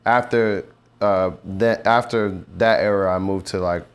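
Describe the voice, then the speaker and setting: Relaxed, low-voiced man telling stories. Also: a little slow, smooth. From Nigeria. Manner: relaxed, reflective, slips into rap flows. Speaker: musician. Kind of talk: casual interview chat.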